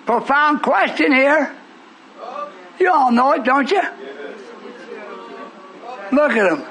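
A fervent preacher man with a strikingly high voice, drawing out his words at a slow, deliberate pace. His tone is bright and ringing as he preaches in a church, shouting out lines and needling his listeners. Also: expressive, low-quality recording. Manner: fervent, shouting bursts, teasing the congregation. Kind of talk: sermon.

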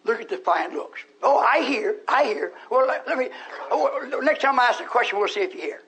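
A man preaching a sermon to his congregation, scolding them and now and then rising to a shout. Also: very high-pitched, lively intonation, a little fast, poor audio. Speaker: pastor.

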